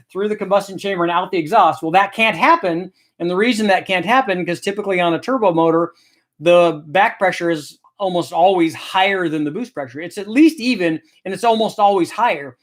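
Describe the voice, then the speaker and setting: A middle-aged man hosting a casual Q&A, explaining engine tech in a relaxed, thinking-aloud way. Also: high-pitched. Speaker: host answering viewer questions. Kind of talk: casual technical Q&A chat.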